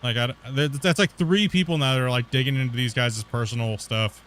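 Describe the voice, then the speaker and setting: A man's voice: medium pitch, fairly quick, fairly bright tone, a little hiss or hum. A man streaming a game and telling a story in a rambling, slangy way, calling people dude and bro. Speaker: gaming streamer. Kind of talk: casual storytelling while gaming.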